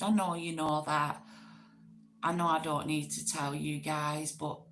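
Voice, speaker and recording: A woman hosts a laid-back livestream, chatting with her viewers. She talks in an unhurried way and often repeats her words as she praises others. Her voice sits a little low for a woman. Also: poor audio. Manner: gushing, repeats herself, greets chat members. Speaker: livestream host. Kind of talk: casual chat with live viewers.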